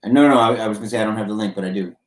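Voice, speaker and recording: A man's voice: on the low side, racing. Sarcastic man in an echoey room. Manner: dry, sarcastic ribbing. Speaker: podcast co-host. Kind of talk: casual chat.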